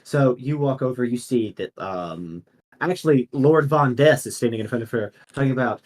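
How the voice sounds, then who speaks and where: A man's voice: mid-range voice, normal speed, darkish tone. A man narrating as game master in a casual way, with many fillers.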